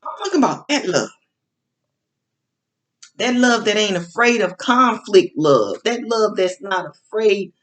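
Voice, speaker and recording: A woman's voice: medium pitch, lively intonation, measured pace, long pauses, a bit bright. A woman giving a casual, sermon-like monologue about faith and love, with informal slang, repeating phrases for emphasis and often restarting her sentences. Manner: preachy, repetitive, building emphasis. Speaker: online speaker on faith and love.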